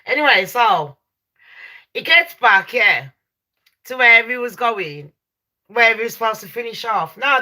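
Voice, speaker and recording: Young woman, brash streamer voice, bright and highish, sweary with big laughs. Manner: loud, sweary, laughs and shrieks often. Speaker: live stream host. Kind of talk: casual storytelling to chat.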